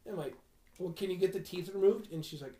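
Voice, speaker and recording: A man's voice: high-pitched, fast talker, dark tone, echoey room. A man telling a long story in casual podcast chat, swearing and acting out what people said. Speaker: podcast host.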